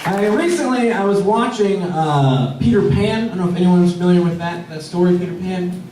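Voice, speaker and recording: A man's voice: high-pitched, a little fast, a crowd in the background, background noise. A man performing a stand-up comedy set on a club stage, talking in a rambling, conversational way with many likes and uhs. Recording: echoey club, distant mic.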